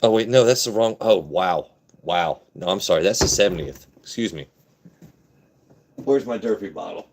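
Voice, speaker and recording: A man from Southern Maryland hosting a casual livestream, talking to his chat and letting his voice drop deep and blunt. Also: normal speed. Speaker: livestream host.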